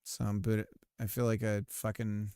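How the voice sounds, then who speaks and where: A man streaming while he works on a game, chatting casually, rambling with fillers and cursing at his software. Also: lowish voice, flat delivery, moderate pace, smooth, no room sound, clean studio sound. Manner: rambling and self-deprecating, swears often, many fillers. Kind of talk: casual live-stream chat while working.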